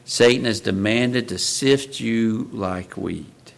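A man's voice: fairly low pitch, slow, creaky. A man preaching a sermon in an earnest way, often asking his listeners rhetorical questions.

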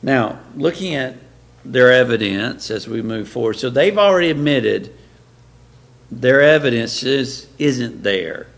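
A man delivers a sermon-style talk in a gravelly, mid-pitched voice. He presses his points with rhetorical questions and often stumbles through fillers and restarts. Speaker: preacher.

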